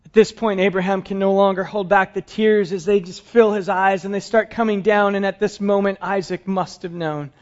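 A male pastor preaching a sermon with dramatic storytelling, often dropping to hushed tones. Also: high voice, fairly even intonation, normal speed, few pauses. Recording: dull lo-fi sound.

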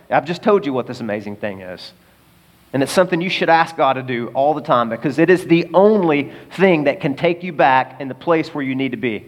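Guy preaching in a big auditorium, pitch a bit on the high side, lots of hall echo, punchy rhetorical questions. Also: lively intonation, brisk. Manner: emphatic preaching with rhetorical questions and swings in loudness. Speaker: pastor. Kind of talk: sermon. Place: large auditorium. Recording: long hall reverb.

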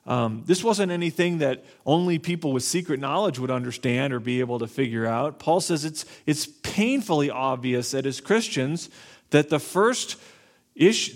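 A man preaching an expository sermon as pastor, talking deliberately and repeating key phrases. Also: a little high.

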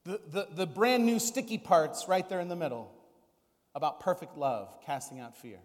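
A man's voice: on the high side, expressive, normal speed, in a large hall. A man preaching a sermon as a pastor, conversational, with many rhetorical questions.

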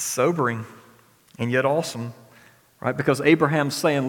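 A man's voice: medium pitch, normal speed, long pauses, long reverb tail. A man preaching a sermon as pastor, talking casually with frequent restarts and filler words.

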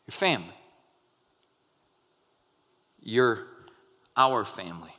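A man's voice: fairly low pitch, animated, takes it slowly, pushed and bright. Man preaching in a reverberant hall. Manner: conversational storytelling with many fillers and restarts. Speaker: pastor. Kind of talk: sermon.

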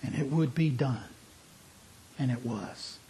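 A man's voice: mid-range voice, slow pace, warm tone, breathy edge, poor audio. A man preaching a sermon in an earnest, emphatic way, asking his listeners pointed questions.

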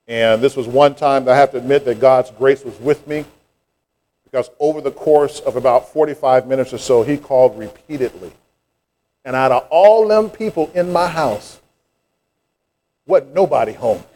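A man's voice: medium pitch, moderate pace, dark tone. A middle-aged man, preaching a sermon and telling a childhood story with rising fervor. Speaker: pastor.

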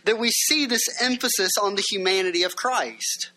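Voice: mid-range voice, normal speed, bright, forceful tone. A pastor preaching a sermon in a conversational way, asking the listeners questions and reading passages aloud.

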